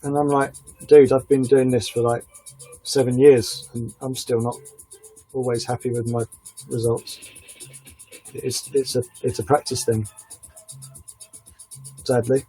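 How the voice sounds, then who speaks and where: A man's voice: mid-range voice, level tone, measured pace, pauses often, warm tone, soft background music, rough recording. A man chatting casually on a live stream while he airbrushes, a rambling self-confessed oversharer.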